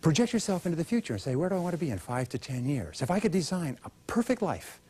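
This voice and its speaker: A man's voice: on the high side, big pitch swings, fast talker, darkish tone, slight background noise. A man giving a motivational seminar talk, emphatic, asking rhetorical questions and having the audience repeat his lines. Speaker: motivational speaker.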